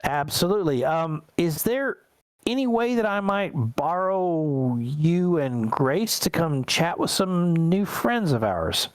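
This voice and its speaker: A man's voice: on the high side, sing-song, slow, no room sound. A man voicing a polite, businesslike female federal agent in a tabletop game, asking courteously with small hesitations.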